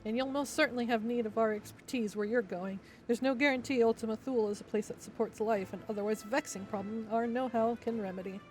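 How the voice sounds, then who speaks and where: A woman's voice: a little high, fairly even intonation, fast, hardly any pauses, close to an everyday voice. A woman voicing an eager, slightly cheeky rabbit-like moon creature while reading game dialogue aloud, with faint music behind.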